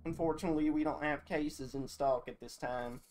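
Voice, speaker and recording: A man's voice: a little high, fairly even intonation, moderate pace, darkish tone, lightly acted. A man voicing a chipper female general-store clerk with a put-on country twang and stiff customer-service phrasing, reading game dialogue aloud. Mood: polite, scripted.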